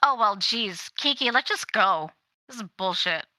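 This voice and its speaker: A woman's voice: medium pitch, lively intonation, measured pace, bright, forceful tone, slight background noise. A woman playing in a tabletop game, speaking in a brash, joking way. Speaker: player. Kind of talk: tabletop game role-play.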